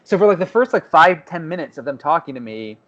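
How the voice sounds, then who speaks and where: A young man co-hosting a podcast, telling a story in a lively way and acting out the people he quotes. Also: on the high side, fast. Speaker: podcast co-host. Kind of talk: casual chat. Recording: dull lo-fi podcast audio.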